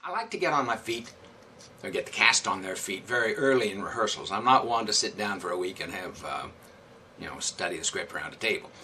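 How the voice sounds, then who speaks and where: A man's voice: lowish voice, animated, brisk, pushed and bright, distant mic, slight background noise. A man directing community theatre, answering interview questions thoughtfully with many fillers and restarts.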